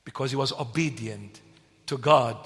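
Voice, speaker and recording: A man's voice: medium pitch, moderate pace, fairly bright tone. A man preaching a sermon, emphatic and repetitive, posing questions and answering them himself. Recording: long hall reverb.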